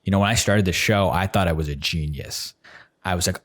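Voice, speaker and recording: A man's voice: low voice, brisk. A man in his twenties talking casually on his own podcast, rambling with lots of fillers. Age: 20s. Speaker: podcast host. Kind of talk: solo podcast monologue.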